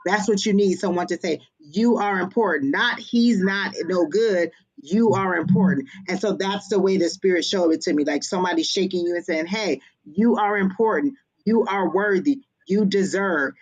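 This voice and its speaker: A woman's voice: fairly low pitch, moderate pace, hardly any pauses, slightly rough, rough recording. Earnest, reassuring woman psychic reader. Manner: earnest, reassuring, repetitive affirmations. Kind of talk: livestream reading.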